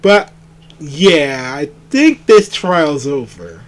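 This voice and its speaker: A man's voice: on the high side, animated, drawn-out words, rough recording. A young man giving casual, slangy, incredulous commentary while playing a game. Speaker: game streamer. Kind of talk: casual let's play commentary.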